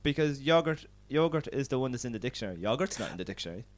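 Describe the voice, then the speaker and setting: An Irish man co-hosting a podcast, in quick and argumentative casual chat. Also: mid-range voice, lively intonation. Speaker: podcast co-host.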